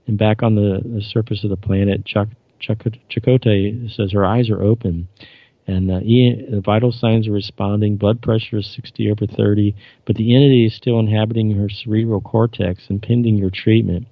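A man's voice: fairly low pitch, steady tone, moderate pace, dry recording. A man casually recapping TV episodes, hesitant and reading dialogue aloud. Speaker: presenter recounting TV episodes. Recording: dull lo-fi dry recording.

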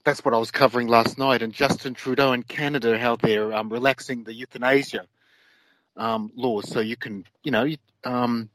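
A man's voice: medium pitch, fairly even intonation, moderate pace, fairly bright tone, no room sound, rough recording. A man co-hosting a talk podcast, rambling hesitantly with many fillers. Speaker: podcast co-host. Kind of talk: casual conspiracy talk show.

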